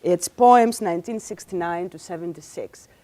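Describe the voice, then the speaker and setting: Woman interviewer, very low and mellow voice, measured academic questions. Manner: measured, scholarly phrasing.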